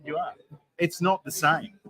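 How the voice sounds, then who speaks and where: A man's voice: a little high, fairly even intonation, a little slow, pushed and bright, poor audio. An Australian man, a craft distiller, explaining in an emphatic, chatty way with the odd swear word, recorded at a distillery bar. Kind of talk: casual podcast chat.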